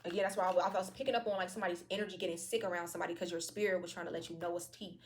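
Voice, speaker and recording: A woman's voice: on the low side, steady tone, racing, a little hiss or hum. A woman giving a casual tarot reading to her viewers, talking in a slangy, profane and playful way. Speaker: tarot card reader.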